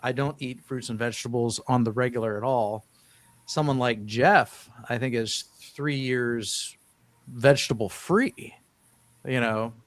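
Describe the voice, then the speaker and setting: A man's voice: mid-range voice, measured pace, no room sound. A man hosting a casual live-stream panel, talking loosely with frequent restarts. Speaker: host of a diet livestream panel.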